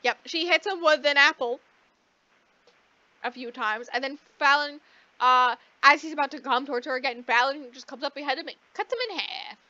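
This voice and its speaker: A woman co-hosting a podcast, casually recapping a book in a rambling way, swearing freely and acting out the characters in quick asides. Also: high-pitched, sharp tone, no echo. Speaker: podcast co-host. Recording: dull lo-fi dry recording.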